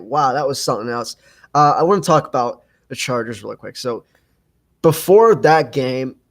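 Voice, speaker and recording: A man's voice: mid-range voice, low-quality recording. A young man hosting a casual livestream podcast, rambling with lots of fillers and restarts. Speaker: podcast host.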